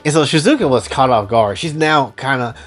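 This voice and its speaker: A man's voice: mid-range voice, lively intonation, brisk, a bit bright, faint music behind. A man casually recapping and commenting on his own story, rambling with lots of fillers. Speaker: creator recapping his own anime series.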